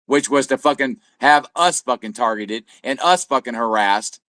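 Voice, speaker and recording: A man's voice: medium pitch, animated, moderate pace, sharp tone, no room sound, clean studio sound. A man co-hosting a livestream, delivering a heated, profane, accusatory tirade. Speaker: livestream co-host. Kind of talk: angry livestream rant.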